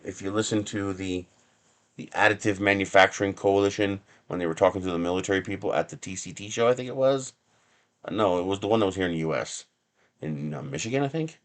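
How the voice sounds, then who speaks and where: A man hosting a casual live stream from his home workshop bench, rambling and chuckling with sarcastic asides. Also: on the low side. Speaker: livestream host.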